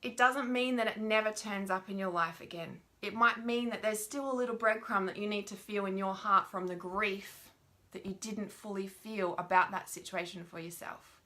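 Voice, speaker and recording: A young woman giving an informal spiritual teaching talk, frank and animated, swearing often and checking in with her listeners. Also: medium pitch, moderate pace.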